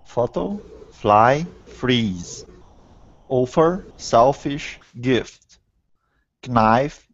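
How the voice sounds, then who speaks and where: A man's voice: medium pitch, lively intonation, drawn-out words. A man reading pronunciation words aloud in an online class, hesitant and polite. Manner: hesitant, polite, addresses the teacher as teacher. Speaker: student. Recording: dull video call audio.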